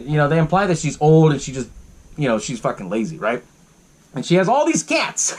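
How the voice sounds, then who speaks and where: A man hosting a podcast, casually recapping a movie, swearing often and laughing along. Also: fairly high pitch. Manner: profane and laughing, lots of fillers. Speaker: podcast host.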